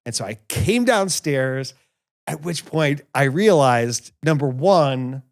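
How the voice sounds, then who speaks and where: A man hosting a casual family podcast, telling stories in an animated, self-mocking way. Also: mid-range voice, takes it slowly. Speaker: podcast host. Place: home podcast studio.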